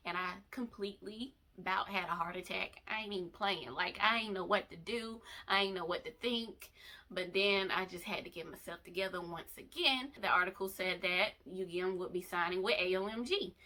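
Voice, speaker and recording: A young woman, vlogging to her viewers in an emotional, emphatic way. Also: lowish voice. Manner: animated, emphatic, addresses viewers directly. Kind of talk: emotional fan vlog. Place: bedroom.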